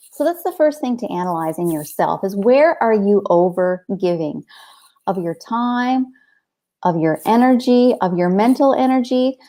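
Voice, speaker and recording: A woman's voice: a little high, dark tone. A middle-aged woman hosting a live coaching show, talking casually and telling stories with many "like"s and "right?"s. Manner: chatty, storytelling, frequent "like" and "right?".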